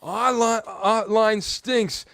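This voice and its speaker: A man doing an impression of a passionate male sports talk host who rants loudly. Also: high-pitched, steady tone, drawn-out words, creaky, clean tone, dry recording, clean studio sound, voice pushed up, heavily acted. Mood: ranting. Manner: screaming, ranting.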